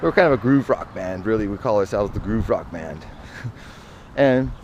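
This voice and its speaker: A man's voice: fairly low pitch, expressive, moderate pace, a little mellow, dull audio. A man telling personal stories in a casual, meandering monologue, often correcting himself and drifting into asides. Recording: outdoor traffic noise.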